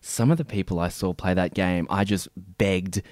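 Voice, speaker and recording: A young man, co-hosting a podcast, telling animated stories and acting out the people in them in casual chat. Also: deep voice, normal speed, no echo, studio quality. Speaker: podcast co-host. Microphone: podcast mic.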